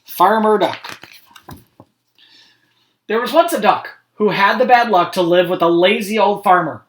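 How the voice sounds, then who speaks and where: A school principal reads picture books aloud to students online, adding friendly, chatty asides between passages. His voice sits high, a bit bright, and brisk.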